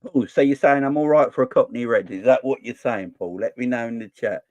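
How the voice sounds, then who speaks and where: A man's voice: medium pitch, a little fast, a little mellow, no echo, dull audio. A man in his forties from southern England, hosting a casual live stream and chatting back to viewer comments. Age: 40s. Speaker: fan channel host.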